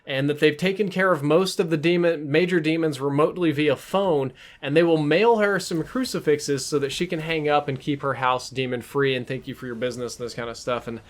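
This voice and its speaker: A man vlogging, telling a story in a casual, amused and animated way. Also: a little high, a little fast, few pauses. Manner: animated, amused, self-mocking.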